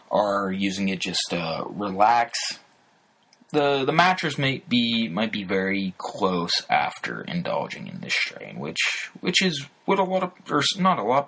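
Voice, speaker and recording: A man with a low, husky voice hosts a podcast in a loose, unscripted way. He stops and restarts his sentences often, filling the gaps with "uh" as he goes. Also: pushed and bright, rough recording. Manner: halting, many fillers and restarts. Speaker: podcast host. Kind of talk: casual unscripted commentary.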